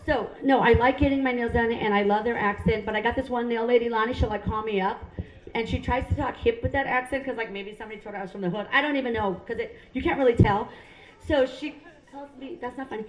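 A woman's voice: a little high, quick pace, echoey room, dull audio, a little hiss or hum. A middle-aged woman from Hawaii doing stand-up comedy in a brassy, self-mocking, chatty way on a club stage.

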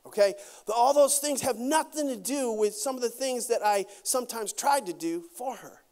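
Animated male pastor preaching. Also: high-pitched, fairly quick, clean tone. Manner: animated preaching with acted-out quotes and asides. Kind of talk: sermon.

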